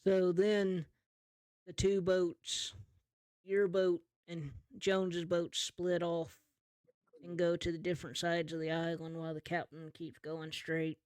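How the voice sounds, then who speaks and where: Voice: medium pitch, flat delivery, a little slow, a little mellow, smooth, dry recording. A game master narrating a pirate tabletop game in a casual, playful way, teasing the players.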